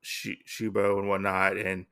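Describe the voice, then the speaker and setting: A man's voice: sits low, monotone, measured pace, fairly bright tone, smooth. A man hosting a comic podcast, recapping an issue in a rambling, casual way full of fillers.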